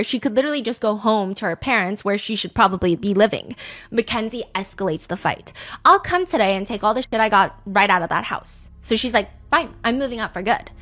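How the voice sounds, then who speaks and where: A woman's voice: mid-range voice, a bit bright. A woman hosting a true crime podcast, telling the story in an emphatic, chatty way full of asides. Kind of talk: casual storytelling narration.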